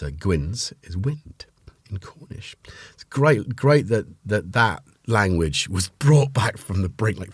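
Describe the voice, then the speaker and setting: A man's voice: low voice, slightly rough, dry recording, studio quality. A man from North Wales with a North Welsh accent, hosting a casual livestream and chatting in a rambling way while reading out viewers' names. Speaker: host.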